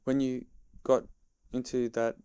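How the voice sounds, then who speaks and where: A man's voice: fairly low pitch, moderate pace, gravelly, a little mellow, dry recording. A man voicing a sensible, serious male water rat in a storybook reading, lecturing his friend. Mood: grave.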